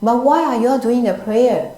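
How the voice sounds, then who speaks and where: A woman's voice: mid-range voice, expressive, a little slow, a little mellow, echoey room, close to an everyday voice, low-quality recording. A woman voicing a rich male householder in a story within her Buddhist talk, speaking eagerly. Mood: startled. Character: rich male householder, startled then generous.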